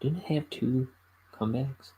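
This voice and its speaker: A young man hosting a solo podcast, chatting casually in a halting, rambling way full of fillers. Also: mid-range voice, mellow, rough recording. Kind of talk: casual chat.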